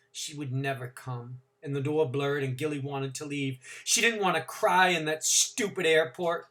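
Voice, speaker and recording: A man teacher reading a novel aloud to his class, with expressive, dramatic emphasis. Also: on the high side.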